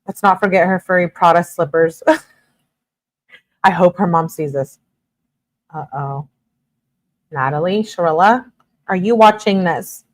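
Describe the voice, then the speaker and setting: A woman's voice: fairly low pitch, unhurried, long pauses, no echo. A woman reads a couple's text messages aloud and breaks in with sarcastic, exasperated remarks. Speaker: true crime commentator. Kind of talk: reading texts aloud with commentary.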